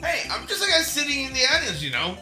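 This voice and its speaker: A man voicing a goofy young man who is the hero's tagalong friend, rambling excitably in a game read-aloud. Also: very high-pitched, fast talker, voice pushed up, exaggerated voice. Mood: scheming. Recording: roomy echo with game music.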